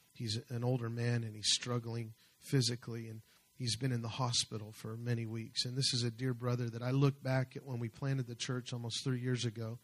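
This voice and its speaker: Man, pastor, fervent sermon, husky voice, mid-pitched. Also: fairly bright tone. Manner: fervent preaching, slows and swells for scripture.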